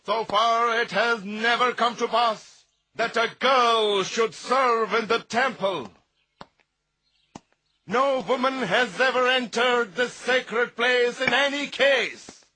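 An actor playing a proud, quick-tempered temple elder in a dubbed film, commanding and scornful. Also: male voice, a little high, expressive, bright, forceful tone, slightly rough, full character voice.

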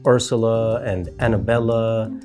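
A man's voice: lowish voice, fairly even intonation, measured pace, music in the background. A man giving a rambling, casual monologue commentary, full of fillers and mocking asides. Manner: rambling, heavy with fillers, mocking put-on voices. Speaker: political commentator.

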